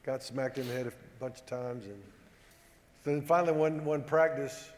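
A man telling a humorous, self-deprecating story to a live audience, animated and acting out the dialogue. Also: mid-range voice, normal speed, slight background noise. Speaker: former football player giving a talk. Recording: echoey hall with long reverb.

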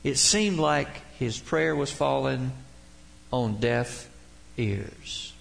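A man's voice: medium pitch, drawn-out words, creaky, a bit bright. A man preaching a sermon as pastor, with dramatic swells and drops and emphatic quotations.

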